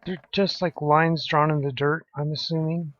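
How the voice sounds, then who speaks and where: A man playing in a tabletop game, asking slow, tentative questions over a call. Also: on the high side, level tone, a bit bright, a little hiss or hum. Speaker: player. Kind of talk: casual game chat. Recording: dull lo-fi call audio.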